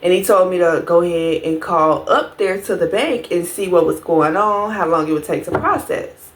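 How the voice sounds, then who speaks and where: A woman's voice: fairly low pitch, normal speed, slight background noise. A woman telling a storytime to her viewers, casual and profane, talking to them directly. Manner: profane, animated, addresses viewers as y'all.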